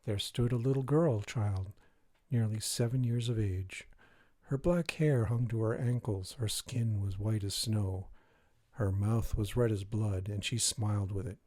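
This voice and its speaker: A man reading a dark fairy tale aloud in a measured, even way. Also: fairly low pitch, no room sound. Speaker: reader. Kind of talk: storybook reading.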